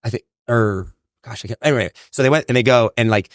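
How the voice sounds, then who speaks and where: Male podcast host, casual chatter, rapid delivery, dry close-miked sound. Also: mid-range voice, no echo. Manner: rambling, lots of "right?" and "like". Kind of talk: casual interview chat.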